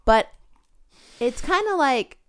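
A woman's voice: sits high, big pitch swings, slow pace. A woman co-hosting a podcast, chatting casually with dry, sarcastic humor. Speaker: podcast co-host. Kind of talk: casual chat.

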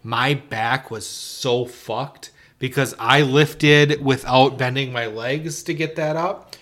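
A man's voice: mid-range voice, fairly even intonation, slow, a bit bright. A man co-hosting a podcast, rambling through profane stories in casual chat. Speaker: podcast co-host.

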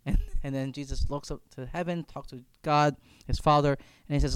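A man's voice: a little high, fairly even intonation, normal speed, hardly any pauses, clear, resonant tone, no echo. Earnest man guiding a faith talk. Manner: earnest, repeats words while thinking aloud. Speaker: campus minister. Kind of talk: reflective faith discussion.

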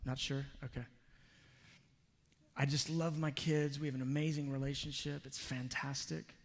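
A man preaching a sermon, telling a personal story in an earnest, confessional way with soft asides. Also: medium pitch, little pitch movement, normal speed, in a large hall. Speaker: pastor.

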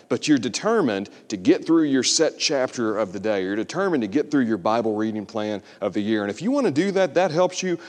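A man delivers a sermon in an earnest, pleading way that swells into emphatic exhortation. His mid-pitched voice carries a long reverb tail, as if from a church sanctuary. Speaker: preacher.

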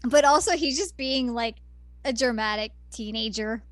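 Female co-host, chatty and wry, fairly high pitch, dry close sound. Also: no room sound. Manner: chatty, wry, quick quips. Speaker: podcast co-host. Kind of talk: casual chat.

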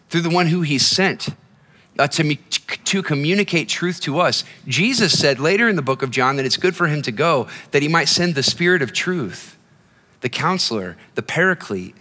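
A male pastor preaches conversationally, telling stories and frequently restarting phrases. His voice is fairly high with a sharp tone, and the hall gives a long reverb.

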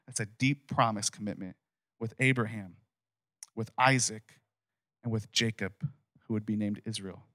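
Male pastor, casual sermon, emphatic and conversational; crisp bright tone, dry close sound. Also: on the low side, fairly even intonation, moderate pace, long pauses, no room sound.

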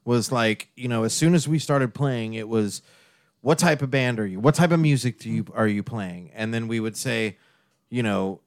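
A mid-pitched man speaking bluntly and wryly in a casual podcast chat. He swears freely, and the recording is dry and close-miked. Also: moderate pace, no room sound. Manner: blunt, profane, wry. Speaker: podcast co-host.

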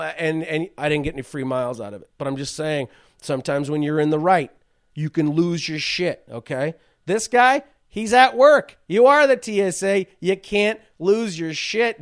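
A man hosting a comedy podcast, telling stories and reading news in a profane, ranting way with loud outbursts. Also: on the high side. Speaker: podcast host. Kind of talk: comedic rant and storytelling.

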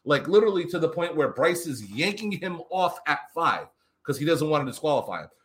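A man casually recapping a wrestling show on a podcast, animated and profane, acting out what the wrestlers said. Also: a little high, a little fast. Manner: animated, profane, acts out quotes. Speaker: podcast co-host.

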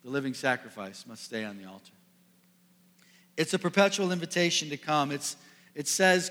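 Brief: male pastor, high bright tone, earnest sermon delivery in a reverberant church hall. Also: moderate pace. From US Midwest. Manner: earnest, builds to emphatic peaks then drops soft. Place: church sanctuary. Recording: long reverb of a large hall.

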